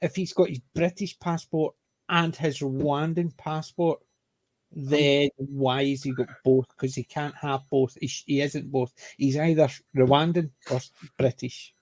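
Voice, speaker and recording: Emphatic Scottish man, fairly high voice. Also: steady tone, measured pace, a little mellow, no room sound. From Scotland. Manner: emphatic, opinionated, with frequent restarts. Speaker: podcast panelist. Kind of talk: casual panel discussion.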